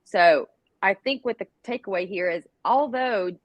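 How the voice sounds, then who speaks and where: A woman co-hosts a casual live chat, excitable and never shy about swearing. Her voice sounds dry and close, with little room around it. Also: medium pitch, moderate pace, dry recording, dull audio.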